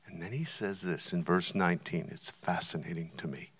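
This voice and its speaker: A man preaching a sermon, telling stories and building to loud, emphatic points. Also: low voice, normal speed, husky. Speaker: visiting preacher. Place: church auditorium. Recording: long church hall reverb.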